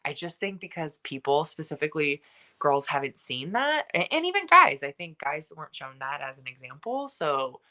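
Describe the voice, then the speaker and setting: Young woman guest, bright voice, chatty, lots of like and um. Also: low voice, moderate pace. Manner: lively, talkative, frequent fillers and laughing asides. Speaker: podcast guest. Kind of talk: casual conversation.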